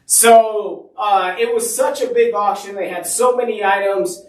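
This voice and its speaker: Male radio host, chatty storyteller, high voice, echoey distant mic. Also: measured pace. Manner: chatty, self-deprecating storyteller. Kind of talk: casual radio talk.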